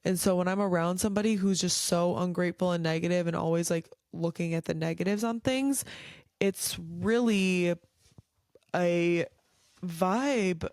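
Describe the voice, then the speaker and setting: A tired woman rants bluntly at home late at night, swearing freely and scattering "like" everywhere. Her voice sits fairly low and comes across smooth and clear. The sound is close and dry, with no room echo. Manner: blunt, swears freely, many filler likes. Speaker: podcast host. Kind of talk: casual solo rant.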